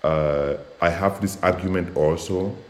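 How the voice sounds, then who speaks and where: A man's voice: low-pitched, steady tone, measured pace, darkish tone, reverberant. A man from Cameroon in a casual debate, earnest and searching for words with many hesitations. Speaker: activist in a discussion.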